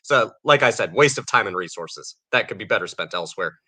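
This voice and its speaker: A man co-hosting a casual banter podcast, his voice bright and forceful. He picks apart news items with dry sarcasm and often chuckles between his points. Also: lowish voice, expressive, fairly quick, slightly rough. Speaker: podcast co-host.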